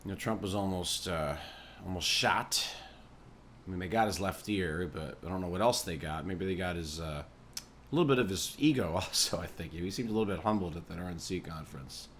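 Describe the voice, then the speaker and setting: A man hosting a podcast, rambling through a comic monologue with lots of swearing and quiet chuckles. His voice sits on the low side, and a faint hum lies under the recording. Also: brisk. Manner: profane, meandering, chuckling asides. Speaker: podcast host and musician.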